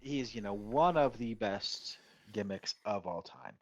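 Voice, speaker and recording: A man's voice: lowish voice, a little slow, dry recording, rough recording. A man co-hosting a casual wrestling chat, rambling with lots of fillers and restarts. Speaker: podcast co-host.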